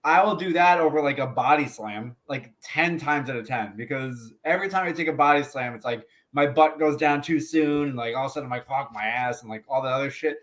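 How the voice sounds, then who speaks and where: A man's voice: mid-range voice, a little fast, hardly any pauses, fairly bright tone. A man, a former pro wrestler, telling profane, laughing road stories in a casual interview. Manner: profane, laughing anecdotes with quoted voices.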